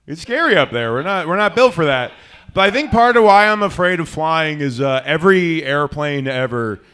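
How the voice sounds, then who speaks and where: A young man doing a stand-up comedy set in a club, rambling and self-deprecating, going from loud bursts to mumbled asides. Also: fairly high pitch, lively intonation, normal speed, smooth.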